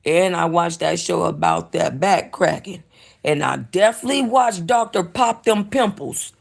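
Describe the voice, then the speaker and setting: A woman from North Hollywood hosting a casual livestream, tired and giving loud, profane commentary full of laughter. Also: lowish voice, expressive, measured pace, gravelly. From North Hollywood, California. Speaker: livestream host.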